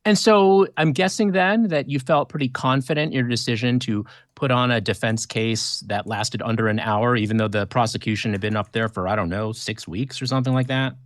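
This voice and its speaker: A man's voice: medium pitch, a little fast, few pauses, no echo, studio quality. A man interviewing a lawyer, asking probing questions. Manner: probing, lively.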